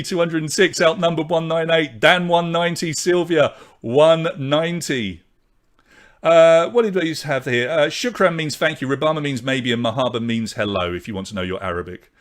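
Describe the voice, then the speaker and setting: A man hosting a live online pub quiz, from Britain, briskly reading out questions, answers and scores and chatting with viewers. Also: on the high side.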